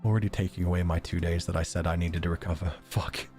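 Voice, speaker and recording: A man casually chatting on a livestream, excitable, laughing often and swearing now and then. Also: low-pitched, fast, faint music behind. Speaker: streamer.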